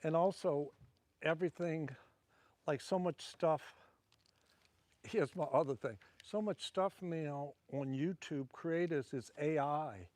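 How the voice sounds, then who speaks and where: A man's voice: on the high side, slow, darkish tone, no room sound. Drawling Louisiana man fishing at night. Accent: Southern US (Louisiana). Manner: rambling, drawling, talks to viewers between casts. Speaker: fishing livestreamer. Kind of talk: casual livestream chat while fishing. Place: outdoors on a wharf at night.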